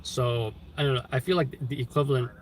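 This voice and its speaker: A man at an ordinary middle pitch chats casually on a live stream. He rambles and muses aloud, stopping often to correct himself. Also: fairly even intonation, fairly quick, rough recording. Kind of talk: casual chat while streaming. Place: street-level city live stream.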